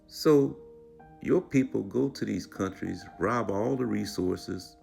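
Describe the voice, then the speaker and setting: A man's voice: on the low side, slow pace, gravelly, darkish tone, soft background music. A man giving reaction commentary in a preachy, lecturing way.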